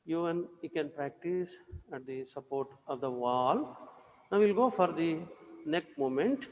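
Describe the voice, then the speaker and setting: A man with a fairly high voice gives slow, repeated cues to inhale, exhale and move gently. He leads a guided yoga practice, and his voice rings in an echoey room with a long reverb tail. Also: expressive. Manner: slow, repetitive breathing and movement cues. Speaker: yoga instructor.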